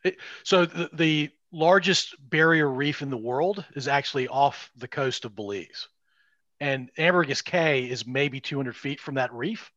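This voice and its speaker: A man's voice: on the high side, a little slow, a bit bright, dry recording, dull audio. A middle-aged man co-hosting a podcast, chatting casually and rambling with restarts and asides. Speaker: podcast co-host. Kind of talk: casual chat.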